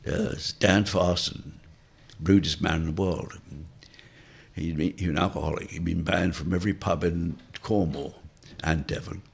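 Older male guest, husky and wry, rambling raconteur. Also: low-pitched, steady tone, moderate pace. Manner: wry, rambling, laughs through stories. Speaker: interview guest. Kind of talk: anecdotal reminiscing.

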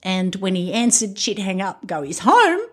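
A woman's voice: mid-range voice, steady tone, moderate pace. A middle-aged woman co-hosting a podcast, telling stories in casual chat and laughing often. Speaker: podcast co-host.

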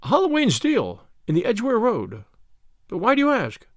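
A man's voice: high voice, huge pitch swings, normal speed, dry recording, studio quality, voice pushed up. A man reading an audiobook, voicing an anxious, polite elderly male collector in a raised, fluttering voice. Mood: fretful.

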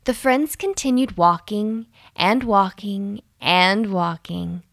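A woman narrating a children's bedtime story slowly and soothingly, with a slight gravelly edge. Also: no echo, studio quality. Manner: slow and soothing with lively pitch.

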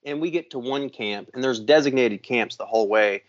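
A man hosting a podcast, telling a long story in a casual, profane, animated way. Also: mid-range voice, moderate pace, dull audio. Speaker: podcast host.

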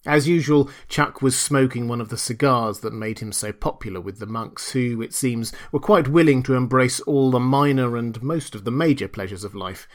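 A man narrating a short story in a measured, storytelling manner. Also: medium pitch. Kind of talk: scripted audiobook narration.

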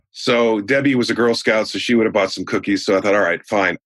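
Older guy with a low husky voice, animated storyteller, dry close sound, sales trainer on a podcast. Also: normal speed, no room sound. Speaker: guest, sales trainer and speaker.

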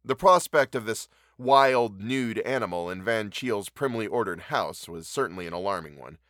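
Casting: male narrator, wry measured storytelling, low voice with lively pitch. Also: no echo, studio quality. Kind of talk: audiobook reading of a classic short story.

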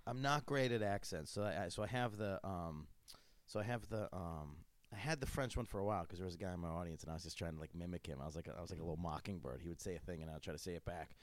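A man's voice: low voice, very fast, hardly any pauses, dry recording. A man hosting a casual chat, a crude, joking storyteller who restarts his sentences a lot. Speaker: podcast host.

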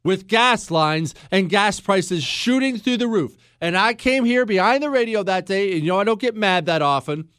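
A man's voice: sits high, animated, moderate pace, few pauses, fairly bright tone, clear, resonant tone, no room sound, clean studio sound. A man hosting a radio talk show, delivering a fired-up political monologue full of rhetorical questions. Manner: heated, emphatic, rhetorical questions.

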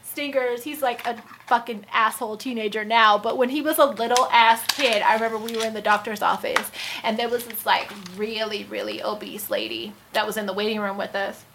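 A woman in her thirties co-hosting a casual chat, telling stories loudly with lots of swearing and laughter. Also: fairly high pitch, steady tone, brisk, vocal fry, noisy background. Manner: profane, loud storytelling with lots of laughter.

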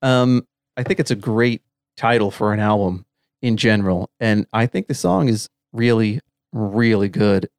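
A man's voice: on the low side, gravelly, darkish tone, dry recording, studio quality. A man co-hosting a podcast, chatting in an easygoing, rambling way over a video call. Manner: easygoing, rambling, many fillers. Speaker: podcast co-host. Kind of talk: casual podcast chat.

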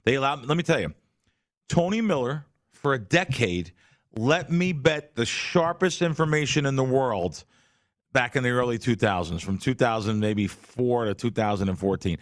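A man's voice: medium pitch, no echo. Male guest, longtime bettor, emphatic and rambling, dry close studio sound. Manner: rambling, emphatic, many fillers. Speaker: veteran sports bettor guest. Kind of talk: casual storytelling conversation.

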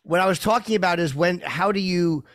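A man in his fifties who talks quickly in a slightly raised voice, hosting a casual fight chat. The sound is dry and close, with no room around it. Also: high voice, a bit bright, no echo. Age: 50s. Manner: questioning, conversational. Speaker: podcast host.

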